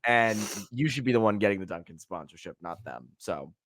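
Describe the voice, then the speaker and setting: A man co-hosting a casual sports podcast, animated and ranting as he chats. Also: fairly low pitch, fairly quick, dry recording, studio quality. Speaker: podcast co-host.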